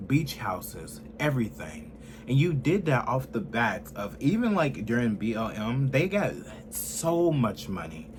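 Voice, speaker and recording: A man in his twenties ranting heatedly and profanely in a political commentary, swinging from loud outbursts to low muttering. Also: big pitch swings, measured pace, a little hiss or hum. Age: 20s.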